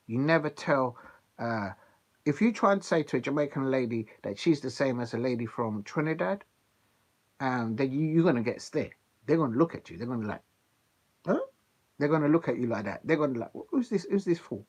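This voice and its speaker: A man hosting a football watch-along stream, chatting in a rambling, animated way with plenty of ums. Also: mid-range voice, husky. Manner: chatty, digressive, animated storytelling with filler ums. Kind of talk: casual rambling chat.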